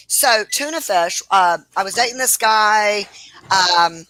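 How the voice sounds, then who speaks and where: A woman's voice: mid-range voice, slow pace, slight background noise, poor audio. A woman hosting a home cooking show, telling rambling stories about her cats while she cooks. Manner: animated storyteller, rambling, laughs easily. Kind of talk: casual chat while cooking. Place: home kitchen.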